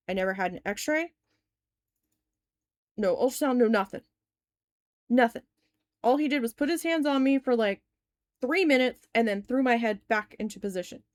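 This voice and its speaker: A woman's voice: sits high, dry recording. A young woman telling a story in a casual crafting vlog, candid and swearing freely, often saying "like".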